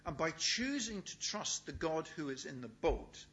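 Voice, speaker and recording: A middle-aged man preaching a sermon, emphatic, repeating key words with pauses for weight. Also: fairly high pitch, big pitch swings, a bit bright. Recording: dull, lo-fi sound with faint hum.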